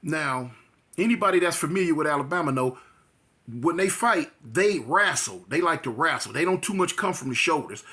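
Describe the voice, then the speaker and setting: A man's voice: a little high, moderate pace. A man from California, telling a story in a casual, slangy way and acting out voices and sound effects. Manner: animated, acts out quotes and sound effects, slangy. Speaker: storyteller recounting jail experiences.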